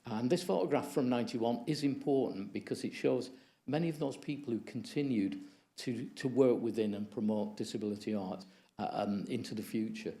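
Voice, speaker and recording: A man giving a measured lecture at a conference, reading from his slides and adding anecdotes. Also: medium pitch, warm tone. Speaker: conference speaker. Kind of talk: lecture presentation.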